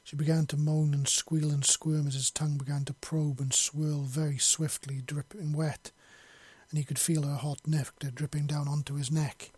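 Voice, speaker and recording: A man's voice: fairly high pitch, flat delivery, moderate pace, a little mellow, slightly rough, dry recording. A man reading a long fantasy story aloud in an unpolished way, with slips and self-corrections. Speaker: story reader. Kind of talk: reading his own fiction aloud.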